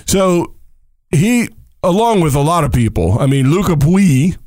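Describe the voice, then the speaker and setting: A man co-hosting a casual tennis talk show, who is also a coach, animated and jokey, firing off emphatic rhetorical questions. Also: fairly high pitch, moderate pace, no echo, studio quality. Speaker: tennis podcast co-host. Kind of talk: casual sports chat.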